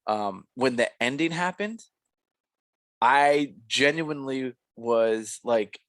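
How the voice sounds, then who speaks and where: A man's voice: mid-range voice, takes it slowly, fairly bright tone, dry recording. A young man co-hosting a podcast, reviewing a film in a rambling, casual way full of fillers and restarts. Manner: rambling, filler-heavy, self-correcting. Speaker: podcast co-host.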